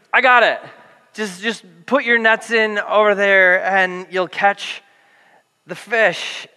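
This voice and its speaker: A man's voice: high voice, bright, forceful tone. A man preaching a sermon, telling the story with humor and acting out the quoted lines. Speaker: pastor. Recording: reverberant hall.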